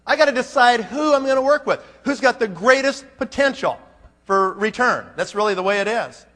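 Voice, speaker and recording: A man's voice: very high-pitched, expressive, moderate pace, fairly bright tone. A man giving a motivational talk at a conference, emphatic and firing rhetorical questions at the crowd. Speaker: conference speaker. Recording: long hall reverb.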